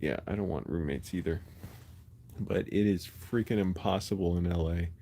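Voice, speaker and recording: A man with a low, warm, mellow voice talks casually into a phone held close. He rambles through his thoughts with plenty of ums and restarts, like a late-night live-stream chat from his bedroom. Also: moderate pace, creaky, a little hiss or hum. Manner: rambling, chatty, many fillers and restarts.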